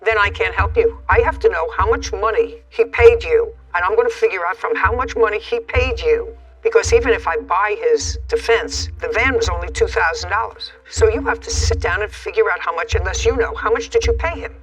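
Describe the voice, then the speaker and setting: A sharp, impatient woman judge grilling a litigant in a TV courtroom. Her voice sounds a little husky and is picked up from a distance. Faint music plays underneath. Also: mid-range voice. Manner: brisk, sharp, impatient, cuts people off. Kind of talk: courtroom questioning.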